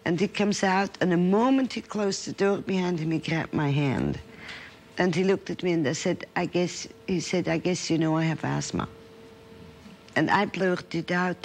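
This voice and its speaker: A woman's voice: deep voice, a little mellow, a little hiss or hum. A woman psychiatrist giving a lecture and telling case stories, earnestly checking in with her listeners. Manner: earnest storytelling, checks in with the audience.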